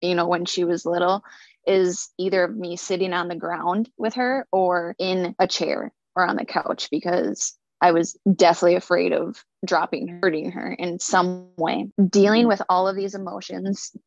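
A woman telling her own story in an earnest, halting way, sometimes repeating words. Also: fairly low pitch, fairly even intonation, creaky, no room sound. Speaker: speaker sharing a personal story. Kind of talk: personal testimony. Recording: dull lo-fi recording.

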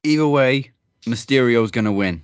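A man's voice: medium pitch, normal speed, smooth, no room sound. A man co-hosting a casual wrestling chat, in a laid-back, offhand way. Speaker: podcast co-host.

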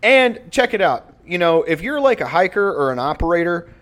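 A man's voice: high voice, big pitch swings, fairly quick, a bit bright. Profane, joking podcast guy. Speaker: podcast co-host. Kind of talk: casual podcast chat with ad read.

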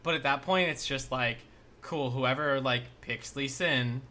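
Bright-voiced man rambling about games. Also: mid-range voice, measured pace. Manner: rambling, heavy use of "like". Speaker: podcast co-host. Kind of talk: casual gaming podcast chat.

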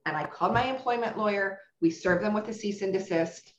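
A woman's voice: medium pitch, steady tone, quick pace, few pauses. A woman who owns a salon, telling a story in a casual interview in a frank, blunt way that turns to swearing when she is upset. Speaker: salon owner. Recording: roomy, slightly dull sound.

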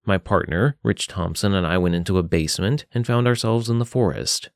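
A man voicing a lost young soldier in an audio story, talking in an earnest, hurried way. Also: deep voice, no echo, studio quality. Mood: pleading.

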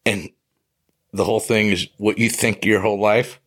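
A man co-hosting a casual podcast, joking and swearing in animated banter. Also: lowish voice, moderate pace. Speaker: podcast co-host.

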